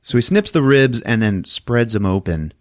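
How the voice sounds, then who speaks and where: Lively man recapping a film. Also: medium pitch, normal speed, dry recording, clean studio sound. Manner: animated, laughing, acting out scenes. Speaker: podcast host.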